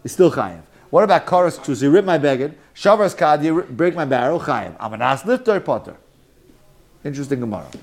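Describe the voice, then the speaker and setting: Brief: man teaching Talmud, slightly high voice, animated and joking, mixes in Hebrew terms. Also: fairly quick. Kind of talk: lively Talmud class lecture.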